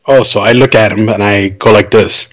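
Husky man as a wry tabletop player. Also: fairly low pitch, fairly even intonation, normal speed, a bit bright. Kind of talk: casual tabletop play.

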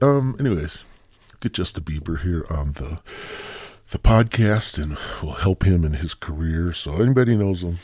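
A man's voice: rumbling low, darkish tone, slightly rough, no echo. A man hosting a solo podcast, rambling and joking with constant swearing, sounding a bit out of breath with stuffy sinuses. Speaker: podcast host. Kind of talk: solo casual podcast rant.

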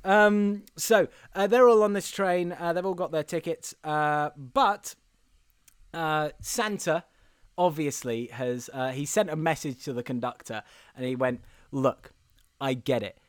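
A young man recaps a film in a loose, rambling way, full of ums and laughter. His voice sits a bit high. The recording is dry and close. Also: measured pace, clean tone, no room sound. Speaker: podcast co-host. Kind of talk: casual comedic film recap.

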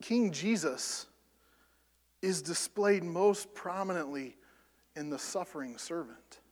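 A man's voice: on the high side, expressive, slow. Preacher man in a reverberant hall. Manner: builds to loud emphatic peaks, then drops soft. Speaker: pastor. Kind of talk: sermon.

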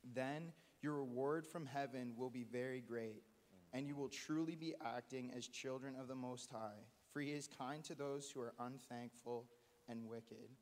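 A man giving a halting, earnest testimony at a church gathering, with many restarts. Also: mid-range voice, fairly even intonation, a little mellow. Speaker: church member sharing testimony. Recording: long hall reverb.

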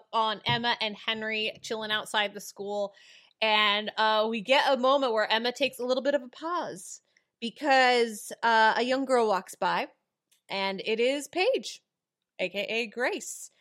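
A young woman co-hosting a podcast, recapping a TV episode in a relaxed, hesitant way with many fillers. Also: on the high side, slow pace. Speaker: podcast co-host. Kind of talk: casual chat recapping a TV episode.

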